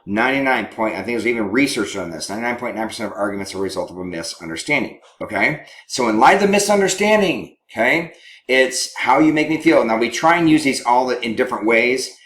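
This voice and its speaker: A man teaching as a marriage counselor, animated and chuckling, often acting out quoted lines. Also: mid-range voice, fast talker. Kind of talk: teaching talk to couples. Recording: roomy echo.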